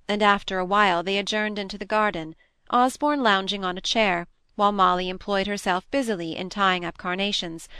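A woman reading a novel aloud in a measured, even narrating voice. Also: mid-range voice, smooth, dry recording. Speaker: audiobook reader. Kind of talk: scripted narration.

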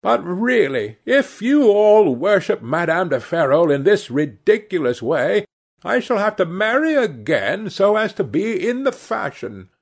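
A man's voice: sits high, very animated, a little slow, vocal fry, voice pushed up, full character voice. A man reading aloud and voicing a gossipy, teasing old society hostess with a raised, exclamatory voice. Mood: scolding.

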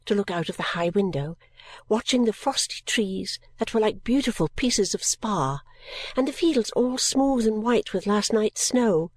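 A woman narrates a story in the first person with a gentle, measured delivery. Her voice sits in a middle pitch with a soft, breathy edge. The recording is close and dry. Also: no echo. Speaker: audiobook reader.

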